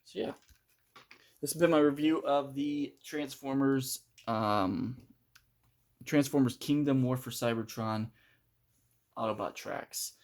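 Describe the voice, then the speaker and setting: A man's voice: mid-range voice, fairly even intonation, slow, pauses often, darkish tone. A man giving a casual, unscripted toy review, hesitant and full of fillers as he handles the figure.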